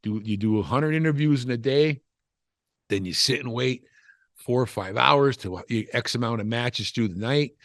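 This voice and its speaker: A man's voice: medium pitch, normal speed, fairly bright tone, dry recording, clean studio sound. An older man, a former wrestler, telling stories in a casual interview, rambling with frequent restarts and "you know" asides. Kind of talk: casual storytelling chat.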